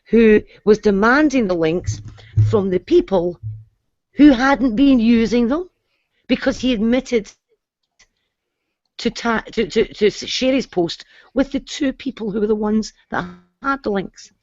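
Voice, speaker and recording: A woman's voice: a little high, measured pace, darkish tone, dry recording. A woman in a casual online group chat, speaking firmly and indignantly. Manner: indignant, firm. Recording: dry, dull lo-fi web call audio.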